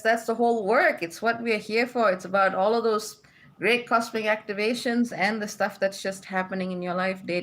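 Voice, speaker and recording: A woman's voice: medium pitch, a bit bright. A woman from Malaysia hosting a spiritual livestream in a casual, chatty way, reading out viewer comments and laughing often.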